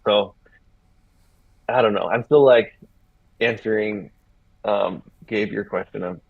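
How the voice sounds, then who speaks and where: A husky man in his thirties, an interview guest telling a rambling story and acting out the people in it. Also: fairly low pitch, takes it slowly, phone-quality sound. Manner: rambling, animated retelling with acted-out quotes.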